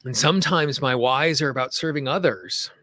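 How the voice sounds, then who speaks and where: Bright-voiced man guiding a tapping session. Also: medium pitch, no room sound. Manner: slow, soothing affirmations; informal, chatty asides. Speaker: tapping coach. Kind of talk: guided tapping session, call and repeat.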